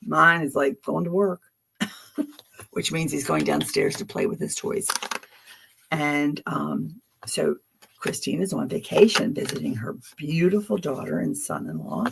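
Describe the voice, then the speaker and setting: A woman's voice: deep voice, animated, a little slow, gravelly, fairly bright tone, a little hiss or hum. A woman in her seventies from Philadelphia, reading tarot on a livestream and chatting casually, rambling from story to story with frequent laughter. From Philadelphia, USA. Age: 70s. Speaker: tarot reader hosting a livestream.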